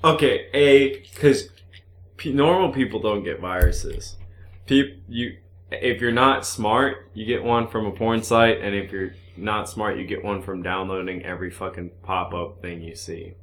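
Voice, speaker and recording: A man's voice: on the low side, a little slow, fairly bright tone, slight background noise. A man in casual, crude banter, blunt and profane, laughing a lot.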